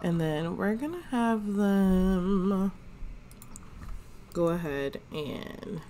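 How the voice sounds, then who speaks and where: A woman's voice: mid-range voice, expressive, drawn-out words, mellow, slight background noise. A woman, giving slangy, chatty commentary as she plays a life-sim game. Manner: chatty, slangy, narrates characters' thoughts. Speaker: gaming channel host. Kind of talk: casual let's play commentary.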